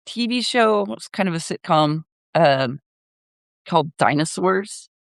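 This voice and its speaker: A man's voice: high voice, animated, a little slow, vocal fry, a bit bright, dry recording. Older guy rambling on a live chat, lots of ums and laughs, dry sound. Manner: rambling, laughs often, many fillers. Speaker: live stream host.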